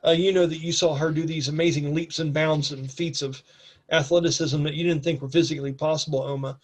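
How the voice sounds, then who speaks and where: A man's voice: a little high, fairly even intonation, brisk. A man narrating a tabletop game as game master in a casual way, with fillers.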